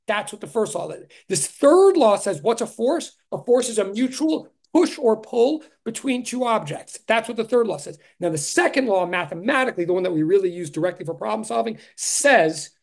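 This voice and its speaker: A man, a physics professor, giving an animated conceptual lecture to an online class, thinking aloud with frequent restarts and dry sarcastic asides. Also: sits high, normal speed, vocal fry, few pauses. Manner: emphatic, stressing ideas with repeated "really".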